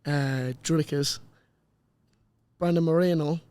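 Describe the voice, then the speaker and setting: A young man with an Irish accent, chatting easily as a guest on a podcast, agreeing quickly and laughing often. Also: fairly high pitch, fairly even intonation, darkish tone, dry recording. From Ireland. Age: young adult. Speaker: guest boxer. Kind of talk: casual podcast chat.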